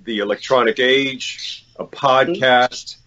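A man's voice: medium pitch, fairly even intonation, takes it slowly, sharp tone. A man hosting a casual podcast, praising his guest effusively and repeating words as he goes. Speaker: podcast host. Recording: dull lo-fi call audio.

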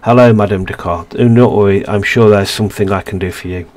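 A man's voice: on the low side, fairly even intonation, a little fast, a little mellow, close to an everyday voice. A man voicing a kindly, bookish young male priest in a story game, reading his lines in a polite, concerned way.

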